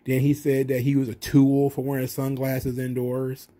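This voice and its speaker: A man's voice: mid-range voice, completely flat delivery, normal speed, warm tone. A man hosting a wrestling review channel, recapping a show in a blunt, profane, rambling way.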